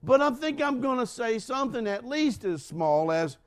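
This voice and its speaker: An older man preaching a sermon, repeating lines for emphasis and swinging from shouts down to hushed whispers. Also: very high-pitched, big pitch swings, clean tone. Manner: dramatic shifts from shouting to hushed whispers, with laughs; preaching slowly with emphatic repetition. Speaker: pastor.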